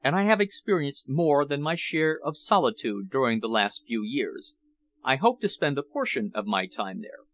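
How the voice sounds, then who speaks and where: A man reading the part of a guarded aristocratic gentleman in an audiobook, speaking in a restrained, firm way. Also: medium pitch, very animated, moderate pace. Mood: courteous.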